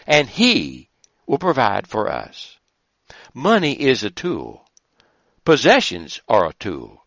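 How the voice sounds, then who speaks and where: Emphatic preacher man, lively pitch. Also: no echo, highs cut off. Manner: emphatic, rising to a fervent pitch on repeated phrases. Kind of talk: sermon.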